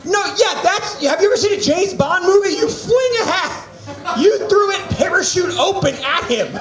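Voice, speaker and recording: Excitable high-voiced male host. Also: normal speed, reverberant, crowd noise. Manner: excited, shouty, teasing. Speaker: open-mic host. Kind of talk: hosting stand-up open mic. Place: small comedy venue.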